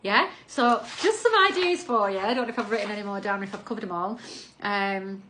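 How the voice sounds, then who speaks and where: This is a woman in her thirties coaching an audience on a live stream. She sounds chatty and upbeat and acts out example lines as she goes. Her voice sits at a middle pitch, with faint background noise. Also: brisk, bright, forceful tone. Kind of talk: live video coaching talk.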